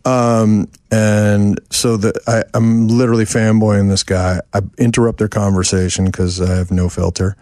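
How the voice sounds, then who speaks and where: At a house, a New York songwriter appearing as a guest spins out a long, animated anecdote packed with fillers. His fairly low voice moves at a moderate pace with hardly any pauses, and the recording is dry with clean studio sound.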